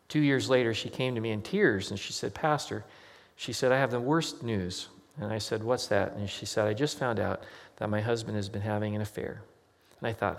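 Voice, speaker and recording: A man's voice: on the low side, creaky, big-room sound. A man, a pastor, preaching a sermon in a conversational storytelling way and quoting the people in his stories. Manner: conversational storytelling with quoted voices.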